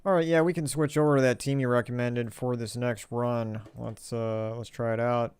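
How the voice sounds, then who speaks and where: A man's voice: medium pitch, level tone, moderate pace, darkish tone, smooth, no room sound. A man streaming a game live, talking casually and hesitantly, with wry, self-mocking asides and chat read aloud. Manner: rambling and hesitant, reads viewer chat aloud.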